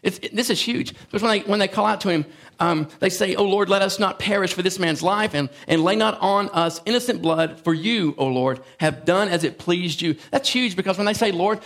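High gravelly pastor preaching. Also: male voice, a bit bright. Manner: impassioned, with many restarts and asides. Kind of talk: sermon.

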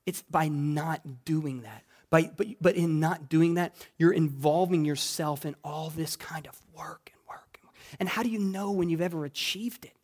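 A man with a notably high voice delivers a sermon to his congregation. He drifts from hushed, thoughtful stretches into loud, exclamatory preaching. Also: normal speed. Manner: builds from quiet reflection to loud, exclamatory preaching. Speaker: pastor. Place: church sanctuary.

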